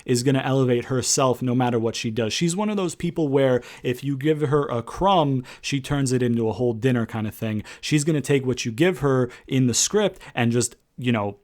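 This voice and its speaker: A man's voice: mid-range voice, a little fast, few pauses, darkish tone. A man giving a casual recap of a wrestling show, rambling with many fillers and restarts.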